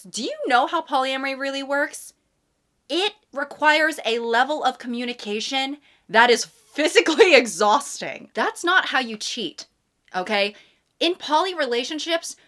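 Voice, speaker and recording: A woman's voice: fairly high pitch, a bit bright. A young adult woman hosting a comedic commentary vlog, reading dating messages with sarcastic, exasperated asides. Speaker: YouTube host.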